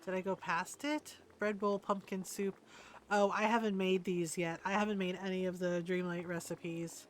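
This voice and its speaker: A woman's voice: lowish voice, little pitch movement, normal speed, a little hiss or hum. A woman streaming a game and chatting casually, rambling and often trailing off into ums. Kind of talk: casual chat while playing.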